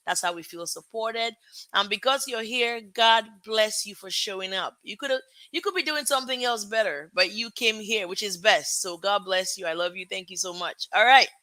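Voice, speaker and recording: Bubbly, bright-voiced woman host. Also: on the high side, dry recording. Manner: bubbly, gushing and effusive. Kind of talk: excited livestream show intro.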